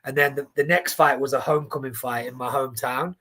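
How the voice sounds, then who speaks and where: A man in his forties, an animated storyteller who swears freely and restarts his sentences often, chatting casually on a boxing stream. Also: medium pitch, fast, husky. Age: 40s. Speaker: boxing watchalong co-host. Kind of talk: casual chat.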